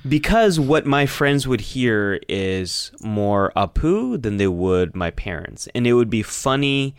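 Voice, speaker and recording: Man with a smooth, dry voice. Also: medium pitch, slow pace, dry recording. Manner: animated, repeats words as he thinks. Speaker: podcast co-host. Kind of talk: casual chat.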